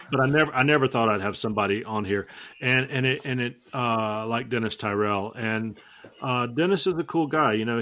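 A man's voice: mid-range voice, bright, forceful tone, slight background noise. A man hosting a casual roundtable podcast, joking and teasing as he rambles along. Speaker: podcast host.

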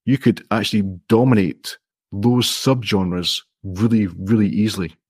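A man's voice: on the low side, a little slow, darkish tone, slightly rough, no echo, studio quality. A man, an indie app developer, explaining his approach step by step in a friendly, modest way during a casual interview.

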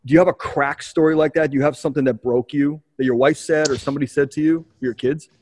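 A man's voice: fairly high pitch, steady tone, fast talker, darkish tone. Candid, profane man telling a story. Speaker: podcast host. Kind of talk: casual conversation, personal storytelling.

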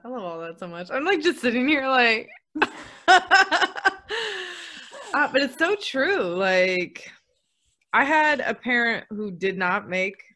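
A woman's voice: medium pitch, bright, forceful tone. A young woman hosting a casual conversation, chatty, laughing easily and filling her talk with "like".

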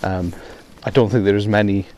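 This podcast host from Wales has a mellow, fairly low voice, a steady tone, and a brisk delivery. He chats loosely with many ums and self-deprecating asides as he walks through heavy rain, speaking into a hands-free phone headset.

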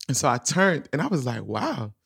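A man recounts a personal story in casual conversation. His voice sits at an ordinary middle pitch. He acts out the quoted dialogue with lively energy. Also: normal speed, vocal fry, breathy edge. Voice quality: animated, acts out quoted lines, laughs often. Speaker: guest telling his story.

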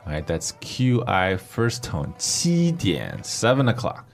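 Guy teaching a language lesson, lowish voice, patient, spells stuff out letter by letter, soft music in back. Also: lively intonation, a little slow. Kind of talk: explaining grammar in a lesson dialogue.

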